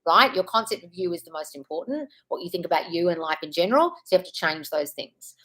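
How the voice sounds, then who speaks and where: A woman's voice: on the low side, lively intonation, fast talker, fairly bright tone. Woman, 30s, home live stream, casual chat, reassuring, blunt, says darling. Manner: chatty and reassuring, calls viewers darling, swears casually. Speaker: manifestation coach hosting a live Q&A.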